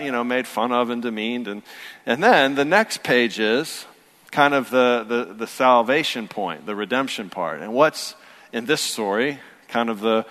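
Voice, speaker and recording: A man's voice: mid-range voice, a bit bright. A man in his thirties, a pastor preaching a sermon in a conversational, storytelling way that builds to earnest emphasis. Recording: long hall reverb.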